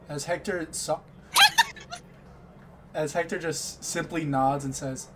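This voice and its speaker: A man's voice: fairly high pitch, wildly swooping pitch, takes it slowly, long pauses, noisy background. Rambling game master, man. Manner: rambling, self-correcting narration. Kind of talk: narrating a tabletop game.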